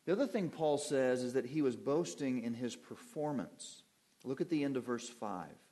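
A man's voice: mid-range voice, lively intonation, normal speed, dark tone. A man preaching an evening Bible-teaching sermon from a church pulpit, in a conversational teaching manner, putting questions to his listeners and answering them.

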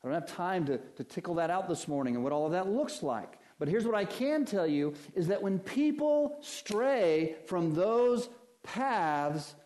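Slow, mellow-voiced preacher man. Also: high-pitched, animated. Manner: preaching with swells of emphasis and slow drawn-out phrases. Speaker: pastor. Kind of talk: sermon.

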